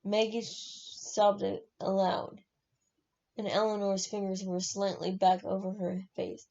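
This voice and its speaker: A woman's voice: medium pitch, little pitch movement, measured pace, gravelly, mellow. A woman reading a novel aloud, often slipping and correcting herself, on a dull lo-fi recording. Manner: frequent slips and self-corrections. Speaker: reader.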